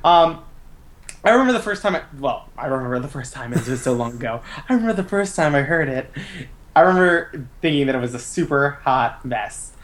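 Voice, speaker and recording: A woman's voice: extremely low pitch, expressive, brisk. A woman co-host chatting on a podcast about music and TV. She talks enthusiastically, restarting her sentences as she goes. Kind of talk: casual chat.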